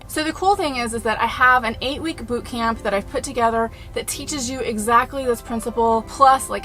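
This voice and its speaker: A woman's voice: a little high, a bit bright. A woman with a Texas Southern accent, talking to her viewers as a travel vlogger in a chatty, upbeat way. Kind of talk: casual vlog talk to camera.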